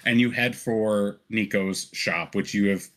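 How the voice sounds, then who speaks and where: A man's voice: lowish voice, steady tone, measured pace, a bit bright. A man narrating as game master in a live-play tabletop game, easygoing and full of fillers.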